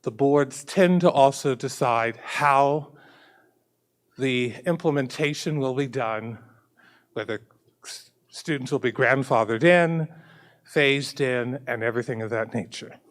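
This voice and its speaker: With a medium-pitched voice and a measured pace, the man speaking is a school superintendent. He gives sincere opening remarks to a public committee meeting and goes back over key points to stress them.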